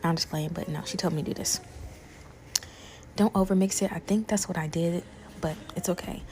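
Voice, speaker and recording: Over faint music, a young cooking creator chats a little fast with viewers as she cooks, speaking to them directly and calling them y'all and besties. Her voice is on the low side, steady, and darkish in tone.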